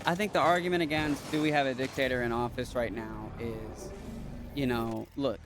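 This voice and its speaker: A man's voice: mid-range voice, steady tone, moderate pace, over music. A man ranting in casual chat as a podcast host while playing a game, rambling and emphatic, with restarts and swearing.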